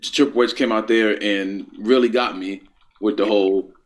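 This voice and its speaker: Man, lowish voice, casual chat, stammering, repeats words. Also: fairly even intonation, normal speed. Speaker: wrestling podcast co-host.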